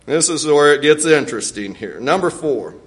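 A man teaching a Bible lesson in an animated way, acting out scripture and laughing often. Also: on the high side, moderate pace.

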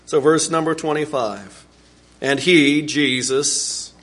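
A man preaching a sermon, earnest and animated, with sudden swings in pitch and volume. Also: slow. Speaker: pastor.

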